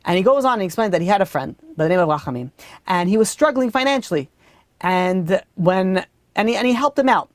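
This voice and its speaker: A man's voice: high-pitched, lively intonation, a little fast, no room sound. A man, a rabbi teaching a weekly class, telling a story conversationally with many fillers and acting out the dialogue. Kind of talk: storytelling lesson.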